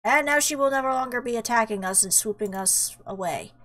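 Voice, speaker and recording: A woman's voice: on the high side, fairly quick, fairly bright tone. A woman streamer giving casual, jokey commentary while playing an adventure game, often telling the character where to go. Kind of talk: casual let's-play commentary.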